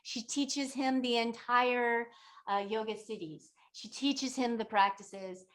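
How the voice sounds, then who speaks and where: A woman's voice: a little high, fairly even intonation, takes it slowly, fairly bright tone. A woman, a yoga and meditation teacher, casually retelling a legend in a chatty, filler-heavy way. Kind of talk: casual spoken storytelling.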